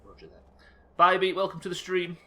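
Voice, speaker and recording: A man's voice: sits high, completely flat delivery, brisk, pushed and bright. A man giving live gameplay commentary, swearing and joking with his chat. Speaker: streamer.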